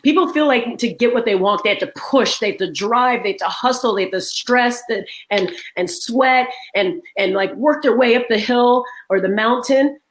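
A woman in her forties, a guest author in a conversational interview, telling animated stories and acting out what people said. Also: fairly high pitch, moderate pace, hardly any pauses, poor audio. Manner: animated storytelling, acts out quoted voices. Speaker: guest author and leadership trainer.

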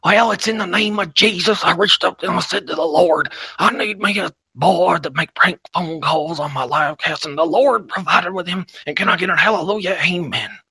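A booming tent-revival preacher, as a man puts him on, pitched up above his own voice. He sermonizes and reaches for call-and-response, with a gravelly edge in the voice. Heard a little off the mic in a dry room. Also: moderate pace, hardly any pauses, bright, forceful tone, dry recording, exaggerated voice. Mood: preachy.

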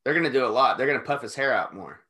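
A man's voice: medium pitch, expressive, very fast, sharp tone. A man co-hosting a podcast, cracking wry jokes and calling out timestamps in a casual chat. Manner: wry, joking, keeps count aloud. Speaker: podcast co-host. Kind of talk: casual watch-along chat.

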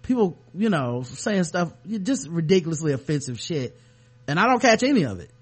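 A man co-hosting a talk podcast, his voice sitting a little high for a man. He talks loosely and casually, clearing his throat from time to time. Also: very animated, normal speed. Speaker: podcast co-host. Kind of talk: casual chat.

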